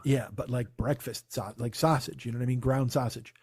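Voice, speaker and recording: A man's voice: medium pitch, steady tone, a little fast, a little mellow, breathy edge, no echo, clean studio sound. A man in his forties, a comedian hosting his own podcast, telling stories in a profane, exasperated rant. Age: 40s.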